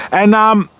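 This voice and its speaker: A man's voice: high-pitched, bright, forceful tone, a little hiss or hum. A middle-aged Australian man chatting casually to viewers on a livestream while fishing from a kayak on a river, calling people mate and bud.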